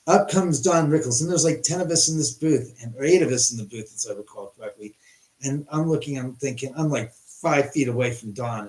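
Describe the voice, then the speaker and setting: A man's voice: mid-range voice, normal speed, reverberant, rough recording. Rambling man telling a story live. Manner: rambling, excitable, many restarts and profanity. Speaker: livestream host. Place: his house.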